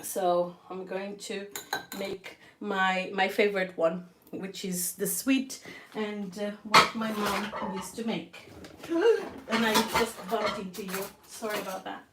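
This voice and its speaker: Through heavy background noise comes a flat, slow, mid-range female voice. The speaker hosts a live cooking chat from her home kitchen; Portuguese is her first language, and she feels weak and ill, yet she stays chatty, laughs often, and speaks straight to viewers.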